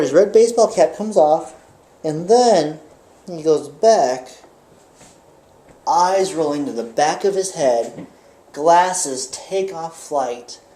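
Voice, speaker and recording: A man's voice: high voice, warm tone. A guy telling a fight story to the camera in a vlog, acting out the action with sound effects. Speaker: vlogger.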